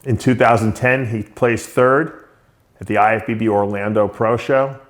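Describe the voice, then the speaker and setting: A man's voice: fairly low pitch, fairly even intonation, moderate pace. A male show host giving an unscripted spoken tribute to a late friend, reminiscing with frequent short laughs.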